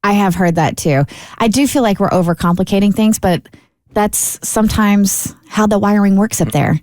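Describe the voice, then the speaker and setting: Female radio co-host, expressive letter reader, dry studio sound. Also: medium pitch, normal speed, no room sound. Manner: animated, laughing reader. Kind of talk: reading a listener letter on air.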